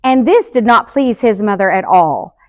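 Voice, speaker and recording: A woman school librarian reading a children's picture book aloud in a lively, expressive way. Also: mid-range voice, moderate pace.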